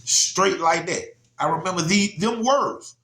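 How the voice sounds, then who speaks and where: A man with a drawl tells a story in an easy, lively way, checking in with his listener as he goes. His voice sits a bit high for a man. The room around him rings with a noticeable echo. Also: a little slow, gravelly, slight background noise. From Georgia, US. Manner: animated, repeats "you know what I'm saying". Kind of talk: casual spoken storytelling. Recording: roomy echo.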